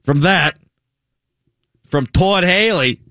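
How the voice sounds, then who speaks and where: A man hosting sports talk radio, opinionated and quick, reading listener tweets into a close studio microphone. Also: sits high, expressive, background noise.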